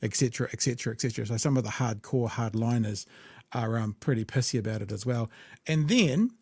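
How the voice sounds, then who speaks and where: A man's voice: mid-range voice, lively intonation, fast, darkish tone, breathy edge, no echo. A man with a New Zealand accent hosting a podcast, giving blunt, sweary, sardonic political commentary. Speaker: podcast host.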